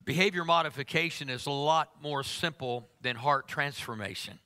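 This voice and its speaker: Bright, teasing male preacher. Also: on the high side, normal speed. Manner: humorous, teasing, emphatic. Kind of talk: sermon.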